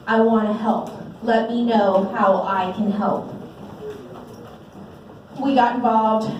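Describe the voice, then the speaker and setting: An earnest woman in her forties tells her story to an audience, her voice a little high yet mellow. She sounds heartfelt and sincere. The microphone picks her up from a distance in a very echoey hall. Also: slight background noise. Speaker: parent speaker at a fundraiser. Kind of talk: personal testimony speech to an audience. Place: large event hall. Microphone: handheld microphone.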